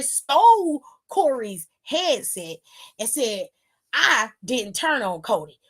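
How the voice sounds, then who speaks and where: A young woman host giving an animated, slangy recap, acting out what people said. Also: sits high. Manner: lively storyteller, acts out quotes, slangy. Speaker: wrestling show recap host.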